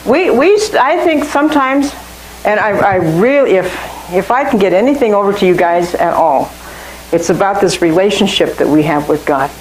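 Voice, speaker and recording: A woman's voice: mid-range voice, lively intonation, moderate pace, reverberant, slight background noise, low-quality recording. A woman leading an informal Bible study, talking through scripture in a conversational way and often repeating and restarting phrases. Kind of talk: informal Bible teaching to a small group.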